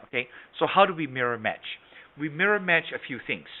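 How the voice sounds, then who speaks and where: A man leading an online sales training session. He talks interactively, calling participants by name and asking "right?" and "okay?", and he shifts between a soft tone and a strong one to demonstrate his points. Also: on the high side, animated, brisk. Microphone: video call. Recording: tinny phone-like online call audio.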